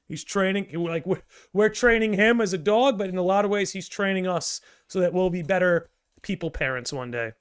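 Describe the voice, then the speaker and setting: High-voiced chatty male stream host. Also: clean tone. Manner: chatty and excitable, thinking aloud with restarts. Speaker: podcast and livestream host. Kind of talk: casual livestream chat.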